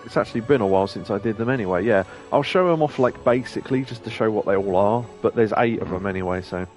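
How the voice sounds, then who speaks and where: Fast and a little mellow, this man's fairly low voice comes with faint music in the background. He's a streamer running let's-play commentary, chatty and meandering, with frequent laughter and the occasional swear word.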